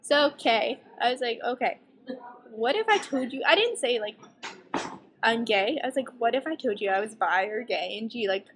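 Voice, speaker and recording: A young woman vlogging, telling a story in a chatty, animated way and acting out the voices she quotes. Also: on the high side, moderate pace. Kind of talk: casual storytelling.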